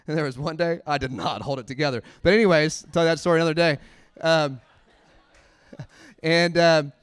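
A man preaching a sermon in church, animated, laughing often and acting out little quotes. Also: on the high side, clear, resonant tone. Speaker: pastor.

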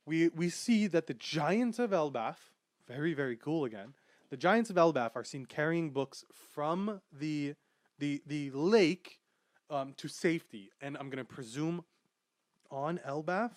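Man, podcast host, casual chat, excitable, rambling, fairly high voice, dry close sound. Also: unhurried, no echo. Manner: enthusiastic, rambling with fillers and restarts. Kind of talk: casual manga discussion.

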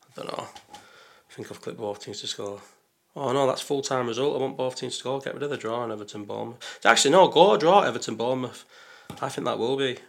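A man's voice: medium pitch, fairly quick, vocal fry, fairly bright tone. A man chatting casually as a betting vlogger, rambling and talking to himself as he second-guesses his picks. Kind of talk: casual chat while placing bets.

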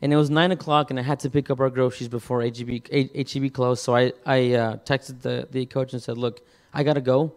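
A man preaching, telling a personal story in a halting way, with many repeated words and restarts. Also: mid-range voice, little pitch movement. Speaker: pastor. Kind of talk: sermon testimony.

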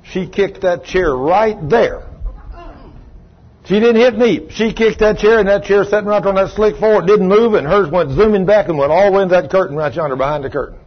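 Pastor, man, husky higher voice, storytelling sermon with big swings in loudness, muffled sound. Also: brisk. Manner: swings from low quiet telling to loud raised retelling. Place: church sanctuary.

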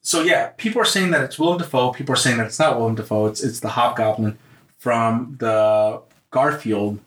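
A man chatting casually on a podcast, his voice bright and clear with a forward edge. He gets excited and jumps in over his co-host. The sound has a noticeable roomy echo. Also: mid-range voice, normal speed. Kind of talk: casual chat.

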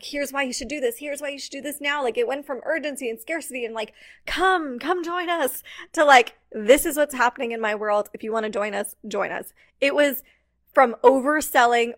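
A young adult woman coach talking casually on her own podcast, upbeat and chatty, dropping "like" all the time. Her voice sits a little on the high side. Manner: chatty, upbeat, many "like" fillers. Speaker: business coach and podcast host. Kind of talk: casual solo podcast talk.

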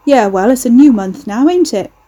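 A woman voicing a brash, mocking male troublemaker in a storybook reading, with a husky, mellow voice. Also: fairly high pitch, expressive, normal speed, voice pushed up. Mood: taunting. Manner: cocky, taunting.

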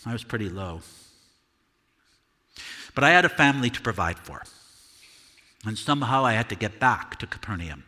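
Guy doing remorseful apostle peter, bright forceful voice, long church reverb. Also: fairly low pitch, lively intonation. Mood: despondent. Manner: earnest, confessional, halting with repeated words. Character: Apostle Peter, a remorseful fisherman recounting his denial. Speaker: dramatic monologue performer at a church service. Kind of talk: first-person dramatic monologue. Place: church sanctuary.

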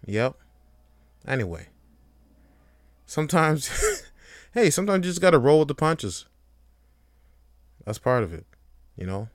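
Young male podcast host, casual rambling monologue, mid-pitched and smooth, cussing freely. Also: very animated, measured pace, pauses often, no room sound, clean studio sound. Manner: laid-back, rambling, frequent swearing and laughs.

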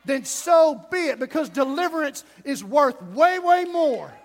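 High-voiced impassioned preacher. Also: male voice, big-room sound. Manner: impassioned, swings between loud and hushed. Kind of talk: sermon.

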